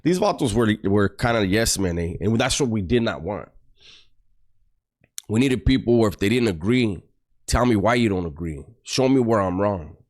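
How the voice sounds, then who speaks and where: A man tells his story in a slightly low voice. He talks bluntly and casually, with a streetwise, profane edge. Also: expressive, normal speed, a little mellow. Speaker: former prisoner telling his story.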